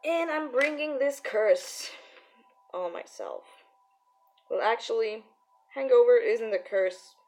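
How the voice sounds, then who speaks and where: A woman's voice: fairly high pitch, animated, slow, pauses often, darkish tone. A young adult woman with a Polish accent, a native Polish speaker, chatting casually on a live stream while she draws, hungover, chuckling often and muttering to herself. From Poland. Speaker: artist streaming while drawing.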